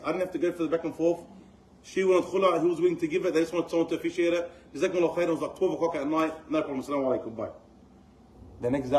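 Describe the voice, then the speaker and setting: A middle-aged man giving a religious lesson, telling stories in an animated way and mixing in Arabic phrases. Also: fairly high pitch, slight background noise, low-quality recording. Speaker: Islamic teacher.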